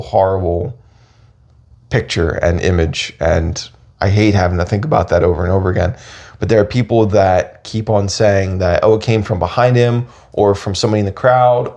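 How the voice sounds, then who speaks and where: Low voiced guy cohosting a podcast, rambly, keeps restarting. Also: darkish tone. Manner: rambling, restarts often, thinks aloud. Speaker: podcast co-host. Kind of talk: casual chat.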